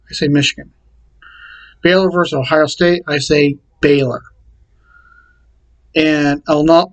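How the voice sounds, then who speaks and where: A man casually talking to camera and reading out his picks in a plain, repetitive way with halting restarts. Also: fairly high pitch, poor audio. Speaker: vlogger.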